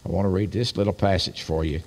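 A man's voice: low-pitched, steady tone, quick pace, a little mellow. An older man, a pastor, preaching a sermon in a folksy, storytelling way with friendly asides. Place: church sanctuary. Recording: live-streamed church service with long reverb.

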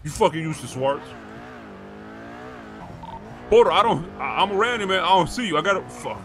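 A man roleplaying a gang member in a crime game, frantic and swearing, repeating himself as he yells for help. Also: high-pitched, lively intonation, brisk, a little hiss or hum. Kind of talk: in-character GTA roleplay.

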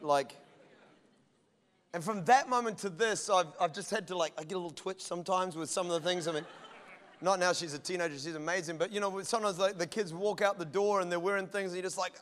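A man's voice: high voice, brisk, a bit bright, slight background noise. Male pastor, middle-aged, humorous sermon storyteller, echoing church auditorium. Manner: humorous storytelling, acts out dialogue. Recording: long church hall reverb.

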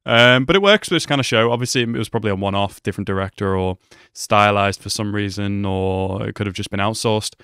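A young man giving casual, excitable commentary as he reacts to an anime episode, talking back at the screen. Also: fairly low pitch, a little fast, few pauses, smooth, dry recording, clean studio sound.

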